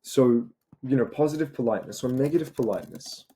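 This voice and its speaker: A man's voice: mid-range voice, fast. A young man with an Australian accent tutoring students in an informal lesson, asking rhetorical questions and saying "right?" again and again. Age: young adult. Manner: rhetorical, repeats "right?" and "you know". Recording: noisy recording with keyboard clicks.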